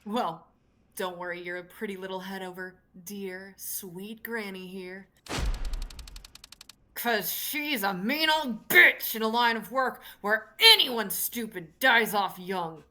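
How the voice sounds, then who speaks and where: A woman voicing a mean, sharp-tongued old grandmother who talks down mockingly and with slow menace. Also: mid-range voice, slight background noise. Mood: menacing. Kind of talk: fan reading of a story with voices.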